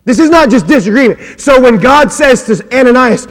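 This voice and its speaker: Man, pastor, sermon, high-pitched, dramatic loud and hushed swings, long hall reverb. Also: animated, moderate pace. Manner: acts out quoted voices, humorous asides.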